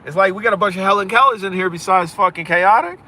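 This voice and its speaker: On a casual livestream recorded outdoors with a phone, a man from Pennsylvania talks quickly and profanely, swaggering and rambling. His voice is high with a sharp tone.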